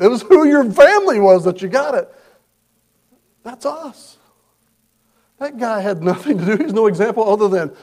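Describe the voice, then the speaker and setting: Lively high-voiced pastor preaching. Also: male voice, normal speed, long pauses. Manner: conversational, acts out quoted voices. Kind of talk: verse-by-verse sermon. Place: church service.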